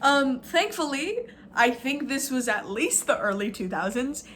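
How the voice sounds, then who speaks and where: A woman's voice: on the high side, moderate pace, fairly bright tone, a little hiss or hum. A woman vlogging a casual, rambling rant, sarcastic and full of fillers, swearing now and then.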